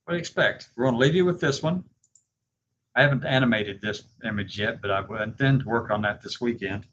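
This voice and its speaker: A man hosting a casual video, laughing often and slowly dictating his words as he types. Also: medium pitch, dull audio, noisy background. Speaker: video host. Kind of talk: casual chat while typing.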